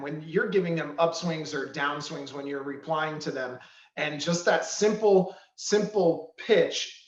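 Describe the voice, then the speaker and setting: Brief animated male trainer, higher voice, roomy echo, dull audio. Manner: animated, acts out examples. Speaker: real estate trainer. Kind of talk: coaching talk with examples.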